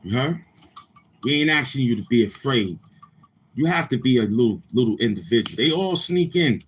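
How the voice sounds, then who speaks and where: A man's voice: medium pitch, expressive, brisk, a little hiss or hum. A man hosting a livestream, chatting casually with viewers in a boastful, crude, repetitive manner. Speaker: livestream host.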